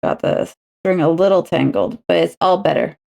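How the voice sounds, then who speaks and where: Low gravelly woman chatting. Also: normal speed, mellow. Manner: rambling, talks to herself and her objects. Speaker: streamer. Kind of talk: casual chat while crafting.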